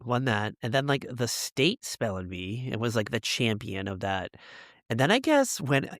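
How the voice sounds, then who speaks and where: A man's voice: mid-range voice, big pitch swings, moderate pace, no echo, studio quality. Man telling rambling stories on a podcast. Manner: rambling, many fillers and laughs. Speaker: podcast co-host. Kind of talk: casual storytelling chat.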